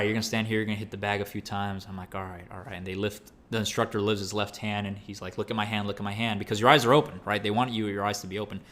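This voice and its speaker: A man's voice: on the low side, a bit bright. A man hosting a show, telling a story in casual slang and acting out his own reactions. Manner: slangy, many fillers like "like" and "bro". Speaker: podcast host.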